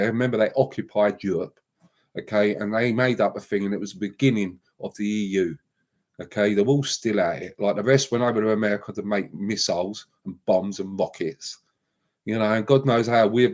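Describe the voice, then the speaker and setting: A man hosting a live stream and ranting heatedly, with repeated emphatic outbursts and words said over and over. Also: fairly low pitch. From England.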